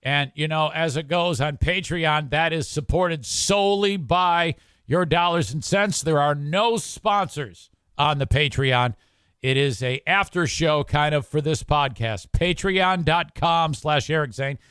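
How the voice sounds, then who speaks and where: A man's voice: on the high side, a little slow, fairly bright tone, smooth, dry recording, clean studio sound. A man hosting a podcast, talking bluntly and swearing freely as he reads out comments and does live ad reads. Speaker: podcast host. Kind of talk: casual talk and live ad reads.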